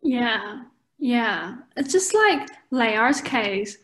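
A fairly high-voiced woman talks in an easygoing, chatty way, laughing often and scattering "like" through her sentences. She is trading explanations with a co-host in a relaxed conversation. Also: drawn-out words. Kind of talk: casual chat.

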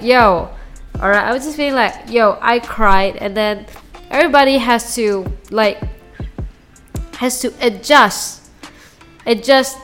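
A woman whose first language is Mandarin Chinese, hosting a solo diary podcast and talking haltingly as she searches for English words and restarts her sentences. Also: a little high, a bit bright. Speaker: podcast host.

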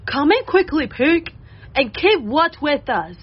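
A woman voicing a calm male deer who firmly invites the others inside in a storybook reading. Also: high-pitched, takes it slowly, highs cut off, full character voice. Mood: welcoming. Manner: firm, raised, inviting.

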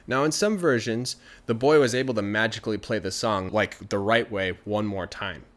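A man with a lowish voice tells a folktale in a relaxed, chatty way. He sounds animated and easygoing, asking his listeners along as he goes. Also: normal speed. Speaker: storyteller. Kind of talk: casual storytelling.

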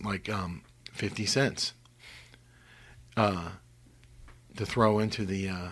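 Older male guest from Missouri, low husky voice, earnest storyteller sharing faith testimony, whispers for emphasis. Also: a bit bright.

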